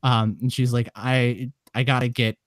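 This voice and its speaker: A man co-hosting a casual chat show, telling long, rambling stories with lively energy. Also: medium pitch, moderate pace, no room sound. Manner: rambling animated storyteller.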